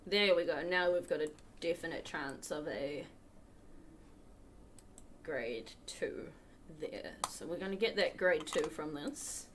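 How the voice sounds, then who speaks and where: A low-pitched female voice speaks at a slow pace over a little hiss or hum. She's hosting a charity livestream, playing a game at her computer and chatting casually with the chat as she goes.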